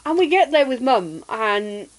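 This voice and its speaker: A woman streamer chatting casually and telling an animated childhood story while gaming. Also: a little high, a little slow, poor audio.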